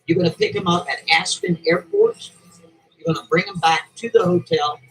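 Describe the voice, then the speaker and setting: A man voicing a commanding male company boss who gives brisk, businesslike orders in a told story. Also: high-pitched, fairly bright tone, rough recording.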